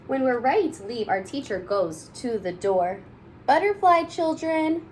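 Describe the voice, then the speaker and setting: A woman's voice: mid-range voice, moderate pace, warm tone, a little hiss or hum, rough recording. A young woman teacher reading a picture book aloud to kindergarten children in a playful storytelling manner.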